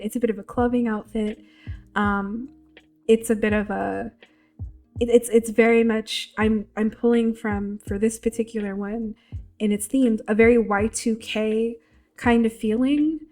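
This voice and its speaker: A woman's voice: a little high, a little mellow. A congested woman giving a casual tutorial, rambling with lots of fillers and restarts. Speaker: VTuber tutorial creator.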